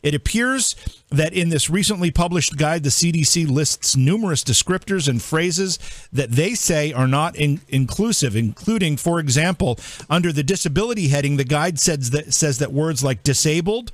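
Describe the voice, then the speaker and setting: A man's voice: fairly high pitch, animated, moderate pace, no echo. A man hosting a political commentary show, reading out lists and tossing incredulous rhetorical questions to his co-hosts. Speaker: host.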